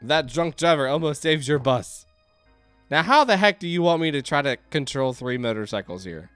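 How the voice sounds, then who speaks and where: Man, gaming commentary, lively swooping pitch, excitable, faint music behind. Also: moderate pace, smooth, dry recording. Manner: excitable, yelps and laughs at chaos. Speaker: let's play host. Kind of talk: game commentary.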